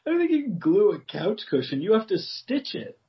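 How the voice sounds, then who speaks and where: A man's voice: sits high, huge pitch swings, fairly quick. A man chatting casually as a podcast co-host, teasing his friend sarcastically and laughing often. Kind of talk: casual banter. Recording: slightly dull lo-fi audio.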